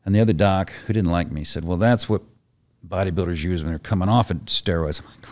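Telling a story as a podcast guest, a retired soldier in middle age speaks in a deep, slightly mellow voice, a little fast. He's blunt and profane in a casual way and performs the other characters' voices.

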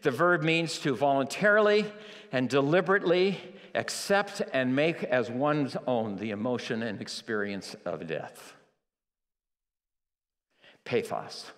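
A man preaching a sermon in a church, slow and emphatic, moving between near-whispers and shouts and repeating key words. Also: medium pitch. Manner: dramatic, swinging from quiet near-whispers to shouting. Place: church sanctuary. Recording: long reverb of a large church hall.

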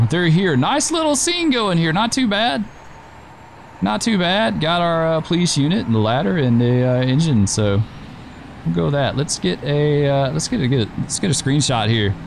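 A fairly high-voiced man chats his way through a gameplay session, laughing easily and grumbling at the traffic on screen. Game sounds run clearly underneath his voice the whole time. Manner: chatty, laughs easily, talks to in-game drivers. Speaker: gameplay streamer. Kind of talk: casual gameplay commentary.

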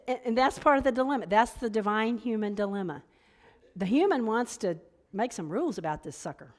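Woman giving a chatty, playful sermon. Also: on the high side. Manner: conversational, playful asides, laughs at her own jokes. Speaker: minister.

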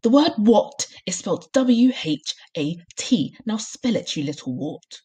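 A woman's voice: lowish voice, animated, a little fast, darkish tone, breathy edge. A woman voicing a fierce, bullying headmistress with a harsh, scornful, commanding manner in a read-aloud storybook.

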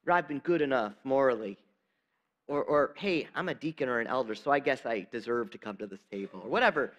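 Man, pastor, sermon in church, conversational, soft emphasis. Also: mid-range voice. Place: church sanctuary.

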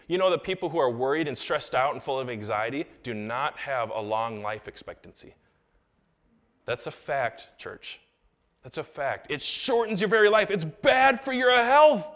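Animated man preaching a sermon. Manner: animated, swings from low asides to loud raised lines; jokey asides to the congregation. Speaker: pastor.

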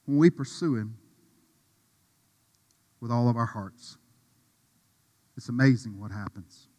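A man preaching a sermon with passion, dropping to a hush and rising to a shout. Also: medium pitch, takes it slowly, big-room sound. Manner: impassioned, swings from hushed to shouting. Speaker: pastor.

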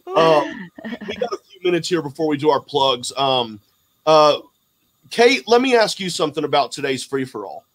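A man hosting a casual panel chat, lively and enthusiastic. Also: a little high, normal speed, rough recording. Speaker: host.

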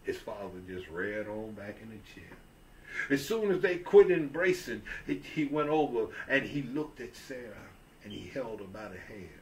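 A man's voice: on the low side, expressive, moderate pace, recorded from a distance, a little hiss or hum. A man telling a Christian story in a folksy, repetitive way, lifting his voice when he quotes people. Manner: folksy, repeats himself, raises his voice when quoting characters.

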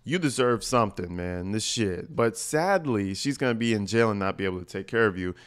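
A man's voice: fairly low pitch, animated, a little fast, clear, resonant tone. A man giving casual, sarcastic commentary over video clips, crude and mocking in his asides. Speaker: commentary vlogger.

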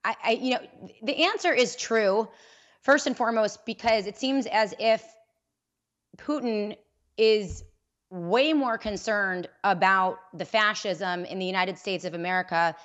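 A woman's voice: medium pitch, measured pace, a bit bright. Woman guest on talk panel, muffled audio. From New York. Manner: candid, conversational, builds loose analogies. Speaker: radio host guest. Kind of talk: panel discussion.

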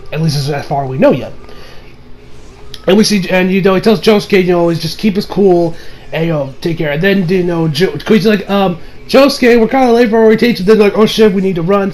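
A man's voice: high-pitched, darkish tone. A man giving a casual, rambling episode review, swearing often and leaning on fillers like "you know" and "like". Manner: rambling, profane, full of fillers. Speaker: anime reviewer.

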